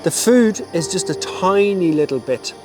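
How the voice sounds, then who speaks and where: A man with a slightly raised voice chats to the camera outdoors as he makes his rounds feeding street dogs. He explains things in an easy, friendly way and breaks into high cooing when he greets the animals. Clear music plays under his voice. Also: a little slow. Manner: chatty, talks to the dogs in a high excited baby voice. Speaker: dog rescue volunteer feeding street dogs. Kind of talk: casual vlog narration to camera. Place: outdoors by a jungle road.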